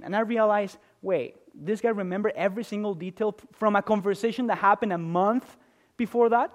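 A young man preaching a sermon earnestly, shifting between loud emphasis and soft, slow, intimate passages. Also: high-pitched. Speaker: pastor.

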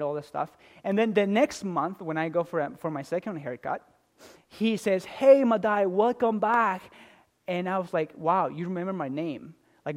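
High-voiced earnest male preacher. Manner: earnest, swings from loud emphasis to soft, slow intimacy. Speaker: pastor. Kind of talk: sermon.

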